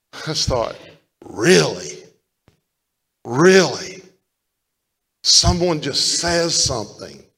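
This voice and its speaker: A male pastor preaching a sermon. He tells stories and swings from loud calls to the congregation to hushed retellings. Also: on the high side. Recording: long hall reverb.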